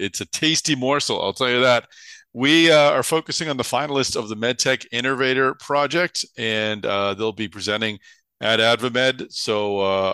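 A man's voice: mid-range voice, bright, forceful tone, smooth, dry recording. A tired man with a Boston accent hosting a podcast, talking in a loose, chatty way with lots of filler uhs. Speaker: podcast host. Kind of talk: casual podcast intro and interview.

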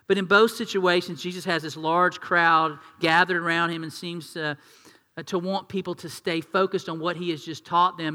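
A male pastor delivers a sermon with a high, bright and forceful voice. He talks to the congregation in a chatty way, throwing questions at them. The sound carries a long reverb from a large church hall. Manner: conversational, asks the congregation questions, acts out quotes.

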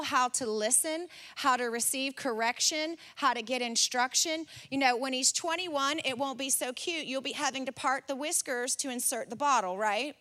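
Delivering her sermon as a vivid anecdote from her own life, this woman in her forties, a pastor, speaks with a bright, high-pitched voice. She animates the tale by switching into each character's voice, including an impression of her son.

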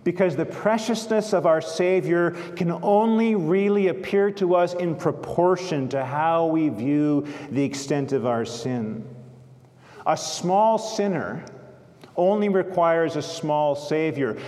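Male preacher, earnest and literary, fairly high-pitched, echoing through a large church. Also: unhurried, darkish tone. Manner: earnest storytelling, literary quotations. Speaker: pastor. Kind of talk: sermon. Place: church sanctuary. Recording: long church reverb.

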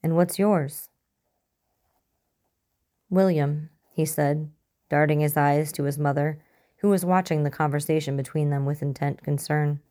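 A woman narrating a story in an even, measured reading style. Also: sits low. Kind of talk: audiobook reading of fiction.

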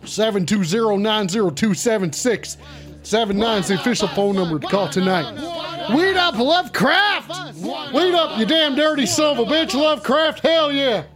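A man livestreams as a brash, foul-mouthed wrestler character, ranting and repeating his trash-talk insults. His very high-pitched voice has lively intonation and a moderate pace, gruff and shouty with heavy profanity, with faint music behind him.

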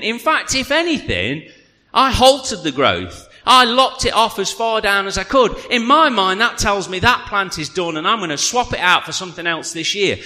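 A man preaching a sermon, telling a humorous personal story in a chatty, animated way. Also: high-pitched. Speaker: pastor. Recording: reverberant hall.

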